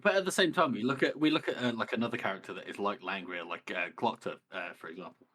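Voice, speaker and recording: A man's voice: lowish voice, quick pace, pushed and bright, husky. A man co-hosting a book podcast, talking casually and hesitantly with many fillers. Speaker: podcast co-host.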